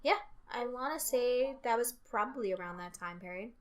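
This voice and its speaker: A woman's voice: a little high, expressive, normal speed. A woman in her twenties from Maryland, co-hosting a casual chat and leaning hard on syllables for emphasis. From Maryland, USA. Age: 20s. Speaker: co-host.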